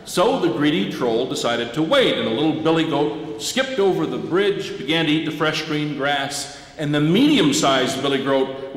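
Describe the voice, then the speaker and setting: A man preaching a sermon as a pastor, telling a children's story in an animated way and drawing the congregation in. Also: on the high side, normal speed, few pauses. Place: church sanctuary. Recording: echoey church sanctuary.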